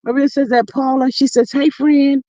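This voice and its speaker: Lady doing her livestream, reading chat out loud, sassy and lively, dry close sound. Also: sits high, dry recording, highs cut off. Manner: lively, sassy, drawn-out greetings to viewers. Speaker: livestream host. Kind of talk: casual livestream chat, reading comments aloud.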